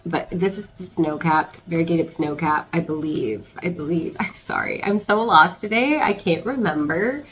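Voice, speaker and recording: A young woman chatting excitedly as she unboxes plants, hesitant, with restarts and little laughs. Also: fairly low pitch, poor audio. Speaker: plant channel host. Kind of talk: casual unboxing chat.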